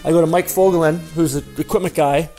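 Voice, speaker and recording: A former hockey player telling a story about himself in a casual, animated, self-mocking way. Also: male voice, a little high, fast, faint music behind.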